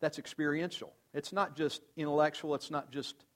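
A man's voice: fairly even intonation, normal speed. Older male pastor preaching earnestly. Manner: earnest, conversational preaching, drops to soft low tones for emphasis. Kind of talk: sermon.

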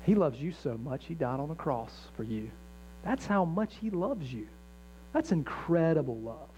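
A man's voice: a little high, big pitch swings, moderate pace, mellow. A middle-aged man preaching a sermon as a pastor, earnest and conversational, mixing jokes and acted-out inner voices. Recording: dull lo-fi sound with faint mains hum.

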